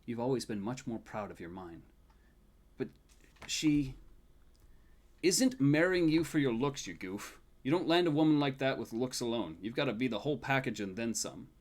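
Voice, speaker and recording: A man voicing a tall, loving old grandfather with a deep, booming voice, gentle and teasing, for a tabletop game. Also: animated, moderate pace, close to an everyday voice. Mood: reassuring.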